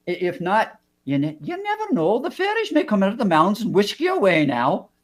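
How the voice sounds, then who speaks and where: A man's voice: sits high, huge pitch swings, brisk. A man putting on a folksy Irish storyteller. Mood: earnest. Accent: put-on Irish. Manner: folksy, earnest tall tales. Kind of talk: improv comedy scene.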